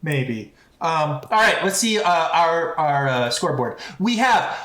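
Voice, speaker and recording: A man's voice: fairly high pitch, very animated, measured pace, fairly bright tone. Hesitant man hosting a game show, roomy sound. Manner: hesitant, filler-heavy, amused. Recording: roomy echo.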